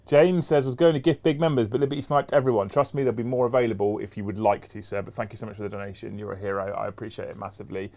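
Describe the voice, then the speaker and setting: A man's voice: lowish voice, fairly even intonation, racing, few pauses, warm tone. A man hosting a live stream, reading out chat messages and thanking viewers in an upbeat way.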